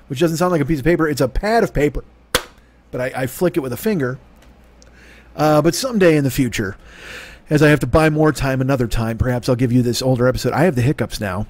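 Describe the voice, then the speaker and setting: A man's voice: on the high side, darkish tone. A man hosting his own comedy podcast, rambling and swearing in a self-mocking monologue. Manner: rambling, profane, self-mocking, bursts into silly crooning. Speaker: podcast host.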